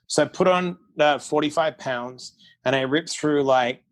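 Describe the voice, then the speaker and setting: A man's voice: fairly high pitch, a little slow. A middle-aged man, a podcast guest, tells a personal story candidly and bluntly, acting out quotes as he goes. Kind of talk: casual storytelling interview.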